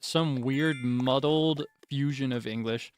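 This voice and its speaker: A man's voice: mid-range voice, slow, clear, resonant tone. Rambling young man, casual stream chat. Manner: rambling, self-correcting, chuckles often.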